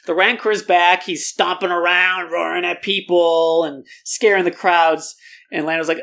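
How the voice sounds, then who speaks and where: A podcast co-host chatting casually and retelling a book's plot in an animated way, acting out the characters' lines. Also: male voice, high-pitched, normal speed, vocal fry.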